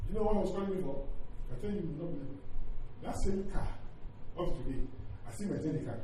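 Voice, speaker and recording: A man's voice: fairly high pitch, expressive, fast talker, warm tone, slight background noise. A middle-aged male pastor preaching a sermon and telling a story, acting out the dialogue and often repeating his words. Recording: echoey hall, mic far off, faint ambience.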